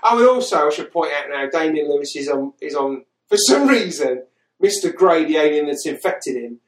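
A man's voice: a little high, animated, normal speed, echoey room, poor audio. A man hosting a podcast, recapping a film in casual chat with exasperated, sweary incredulity. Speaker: podcast host.

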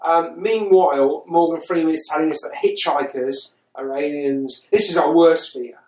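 A man's voice: on the high side, normal speed, darkish tone, reverberant, rough recording. A man hosting a podcast, recapping a film in casual chat with exasperated, sweary incredulity. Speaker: podcast host.

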